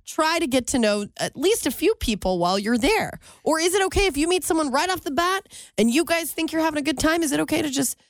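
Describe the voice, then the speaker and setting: A woman's voice: high-pitched, animated, fast talker, few pauses, dry recording. A woman co-hosting a casual radio show in a studio, curious and giggly, full of questions. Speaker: co-host.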